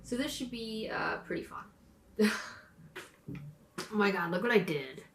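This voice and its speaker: A woman's voice: mid-range voice, lively intonation, unhurried, slight background noise. A woman vlogger chatting casually and poking fun at herself while she works on a craft project. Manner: chatty and self-deprecating. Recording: roomy, from a distance.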